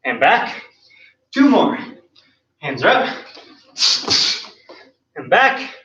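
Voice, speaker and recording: A man with a high, bright voice coaches a martial arts class while he demonstrates the kicks himself, counting each move and calling out cues. He is out of breath, and he sounds far from the mic in a roomy studio with a dull recording. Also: sing-song, drawn-out words, slight background noise. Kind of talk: online class instruction.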